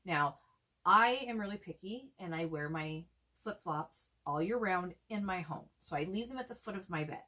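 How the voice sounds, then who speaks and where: Swearing, animated woman telling stories. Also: fairly low pitch, moderate pace. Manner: animated storyteller, swears freely. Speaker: co-host. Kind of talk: casual chat.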